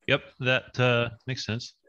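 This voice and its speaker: A man's voice: medium pitch, monotone, slow pace, pushed and bright, no echo, lo-fi sound. A man leading an online coding lab over a video call, casual and thinking aloud with many fillers. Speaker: lab instructor. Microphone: video call with screen share.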